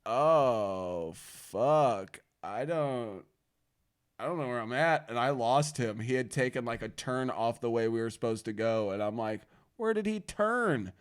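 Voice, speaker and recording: A man hosting a casual chat, telling a wild story full of swearing and loudly acted-out quotes. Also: mid-range voice, measured pace, clear, resonant tone. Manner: profane, animated storyteller, acts out quotes loudly. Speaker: host.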